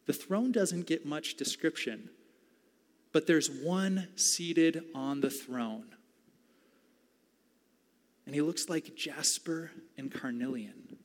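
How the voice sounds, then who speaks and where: Animated preacher man in an echoing hall. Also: on the high side. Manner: conversational, animated, drops to whispers. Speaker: pastor. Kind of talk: sermon. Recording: long hall reverb.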